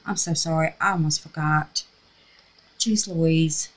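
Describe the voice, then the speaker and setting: Chatty woman crafting, low unhurried voice. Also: steady tone, low-quality recording. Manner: chatty, talks to herself and viewers while working. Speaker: resin craft channel host. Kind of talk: casual crafting tutorial talk.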